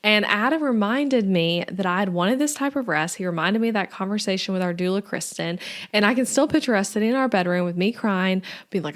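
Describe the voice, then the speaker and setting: A young woman with a drawl hosts her own podcast and talks through it in a relaxed, chatty way. She fills her speech with likes and ums and sounds friendly and conversational. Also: mid-range voice, fast. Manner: chatty, lots of "like" and "um". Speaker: podcast host. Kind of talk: casual solo podcast talk.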